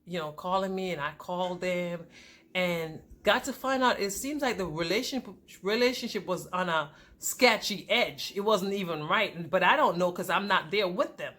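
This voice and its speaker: A woman vlogger telling her own relationship story to her viewers, candid and conversational, with sharp jumps in pitch and loudness as her feelings rise. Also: expressive, normal speed. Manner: pitch and volume swing widely with emotion. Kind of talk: personal storytelling to camera.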